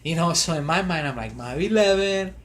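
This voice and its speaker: A man with a slightly high voice tells a story in a casual podcast chat. He acts out what went through his head and keeps the telling animated. There is faint noise in the background. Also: quick pace. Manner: animated storytelling, acting out his own thoughts. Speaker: podcast co-host.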